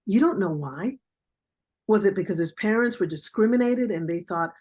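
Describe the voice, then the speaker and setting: A woman's voice: medium pitch, animated, normal speed, darkish tone, breathy edge. An older woman, a veteran journalist, giving blunt, emphatic career advice as a guest on an online mentoring interview over a video call.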